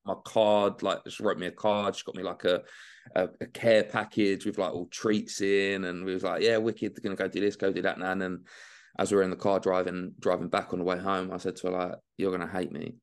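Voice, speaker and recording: A man's voice: low-pitched, little pitch movement, fairly quick, clean tone. A young man talking casually and swearing freely in a podcast chat, dropping mate and man into his sentences. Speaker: bodybuilding guest.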